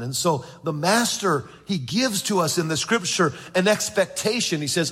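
A man preaches from the pulpit of a large church, his voice a little higher than most and noticeably husky. He talks earnestly, stumbling over repeated words and acting out the voices in his stories, while the long reverb of the sanctuary rings behind him. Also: expressive, normal speed, few pauses, a bit bright. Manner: acts out quoted voices in storytelling. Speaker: pastor. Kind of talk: sermon.

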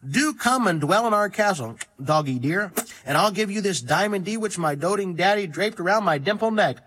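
A man voicing a sweet, cheerful young girl in a storybook reading, speaking high and singsong. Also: expressive, normal speed, fairly bright tone. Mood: cheery.

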